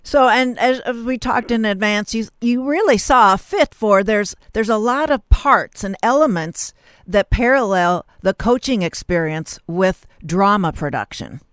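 A woman's voice: mid-range voice, lively intonation, unhurried, no echo, clean studio sound. A woman hosting an interview, chatty and enthusiastic, often restarting her sentences. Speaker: host. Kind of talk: casual interview talk.

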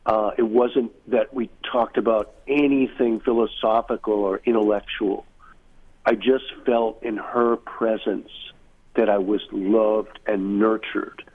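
Husky-voiced man on a tinny line. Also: lowish voice, steady tone, measured pace. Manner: thoughtful, musing, many asides. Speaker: author being interviewed. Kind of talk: reflective conversational interview. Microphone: remote line from far away.

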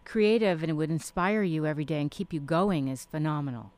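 A woman hosting a talk show, interviewing a guest with encouraging remarks and quick affirmations. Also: low-pitched, a little mellow, no room sound. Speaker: show host.

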